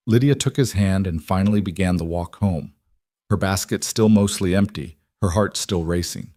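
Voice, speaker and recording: A man narrating a story in a steady, even storytelling manner. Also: sits low, normal speed, dry recording, studio quality. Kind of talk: scripted narration.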